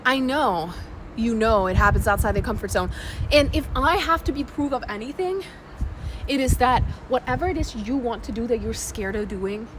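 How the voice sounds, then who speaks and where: A woman YouTuber giving a playful, emphatic motivational talk on an outdoor balcony. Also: a little high. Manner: energetic, playful, emphatic repetition. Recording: noisy outdoor ambience with traffic.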